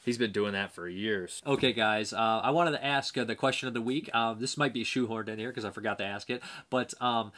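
A man's voice: on the low side, brisk, hardly any pauses, a bit bright. A man hosting a movie review vlog, talking casually and rambling, with plenty of fillers as he reads out viewer answers. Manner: rambling, hesitant, many fillers.

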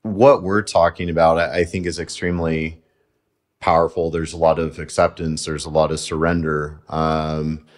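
A man's voice: a bass voice, little pitch movement, moderate pace. A man hosting a podcast, talking casually and rambling, repeating words and using lots of fillers. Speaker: podcast host.

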